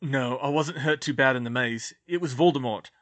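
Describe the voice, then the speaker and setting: A man's voice: mid-range voice, normal speed, fairly bright tone, close to an everyday voice. A man voicing an injured teenage boy wizard who stammers and speaks through pain in a storybook reading. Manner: stammering, pained.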